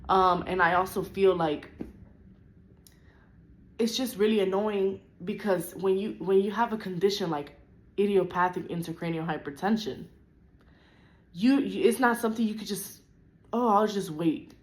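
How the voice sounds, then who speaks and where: A young woman vlogs a frustrated personal rant at normal speed in a medium-pitched voice, with long pauses. Upset and close to tears, she vents and uses "like" constantly.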